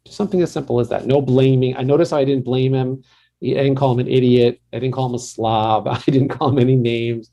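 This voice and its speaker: A man's voice: mid-range voice, steady tone, a little fast, vocal fry, mellow. A middle-aged man, a marriage counselor, giving a conversational workshop talk to a group and often laughing and calling on participants.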